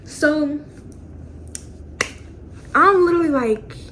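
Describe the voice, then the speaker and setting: Animated young woman telling a story. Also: high-pitched, takes it slowly, background noise. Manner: animated, profane, repeats phrases for emphasis. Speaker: vlogger. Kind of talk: casual story time. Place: home, indoors.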